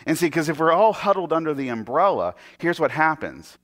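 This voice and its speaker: Lively, higher-voiced man preaching. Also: fairly quick. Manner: animated storyteller who acts out quoted voices; frequent stammered restarts. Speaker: pastor. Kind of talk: sermon.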